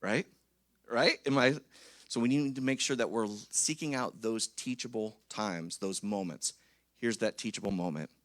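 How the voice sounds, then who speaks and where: A man's voice: lowish voice, moderate pace, fairly bright tone, no echo, studio quality. A man preaching a conversational sermon in a church. He talks in a chatty, jokey way and keeps checking in with the congregation. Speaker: pastor.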